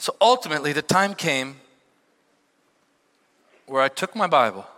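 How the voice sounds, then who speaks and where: Animated preacher man in a reverberant hall. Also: fairly high pitch, moderate pace. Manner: animated storytelling with shouted peaks and dropped asides. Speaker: pastor. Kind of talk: sermon.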